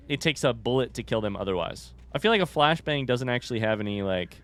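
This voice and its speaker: A man's voice: mid-range voice, animated, normal speed, few pauses, a bit bright, clean tone, soft background music. A young man casually commenting on a game he is playing live, chatting with viewers, reading their messages aloud and swearing now and then. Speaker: streamer. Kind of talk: casual let's-play commentary.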